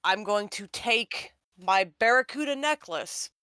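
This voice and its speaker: A woman's voice: mid-range voice, lively intonation, a little slow, sharp tone, dry recording. A woman playing in a tabletop game, asking direct questions and stating her character's moves. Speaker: player.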